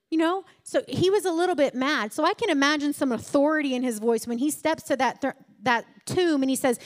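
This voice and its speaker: Woman, preacher, sermon, storytelling delivery, fairly high voice, emphatic swells. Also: brisk, hardly any pauses.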